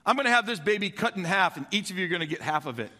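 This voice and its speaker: A man's voice: sits high, expressive, racing, sharp tone, exaggerated voice. A man voicing an ancient king handing down a firm ruling, decisive and commanding, in a sermon retelling.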